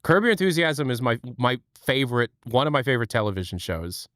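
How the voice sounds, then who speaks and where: Smooth-voiced, chatty male streamer. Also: mid-range voice, big pitch swings, quick pace, fairly bright tone, no echo, clean studio sound. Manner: chatty, joking, swears, laughs often. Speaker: livestream host. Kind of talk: casual chat.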